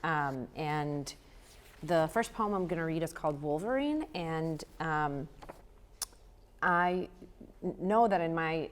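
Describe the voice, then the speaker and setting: A young woman poet who gives hesitant, chatty introductions and then reads her poems with chanted, incantatory repetition. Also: low-pitched. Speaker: poet reading her work. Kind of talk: poetry reading with spoken intros.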